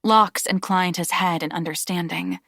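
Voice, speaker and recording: Woman audiobook narrator, measured storytelling, low-pitched, dry close recording. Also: steady tone, vocal fry, a bit bright, no room sound. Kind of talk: scripted narration.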